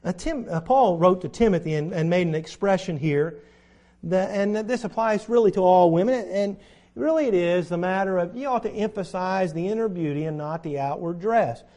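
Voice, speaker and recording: A male preacher delivering a sermon, reading scripture and speaking emphatically, with his voice swelling and dropping in loudness. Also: sits high, moderate pace.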